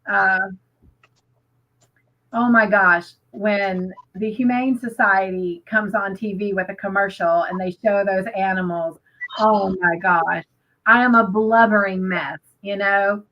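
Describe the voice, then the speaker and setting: A woman's voice: mid-range voice, steady tone, takes it slowly. A woman co-hosting a crafting livestream, chatting casually and emotionally with lots of "you know" fillers, reading out viewer comments. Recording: muffled lo-fi stream audio.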